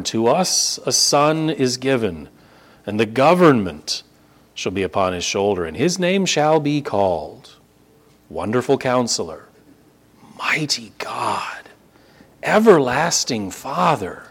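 A pastor delivering a sermon, stressing key phrases and repeating them for emphasis. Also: male voice, mid-range voice.

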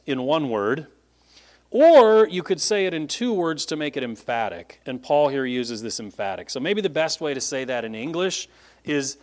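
A pastor giving a conversational Bible-teaching sermon to a congregation, explaining points and checking in with listeners by asking "right?" and "okay?". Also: male voice, a little high, very animated, measured pace. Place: church meeting room with a congregation.

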